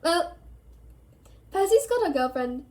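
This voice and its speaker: A shy, giggly young girl, as a woman reads her aloud, light and high, her words tumbling out a little nervously. She sounds playful and a bit anxious. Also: big pitch swings, slow, a little mellow, heavily acted.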